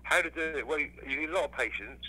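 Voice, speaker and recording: A man's voice: on the high side, racing, a crowd in the background, low-quality recording. A man, a musician guest chatting casually, swearing freely and restarting his sentences. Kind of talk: casual interview chat.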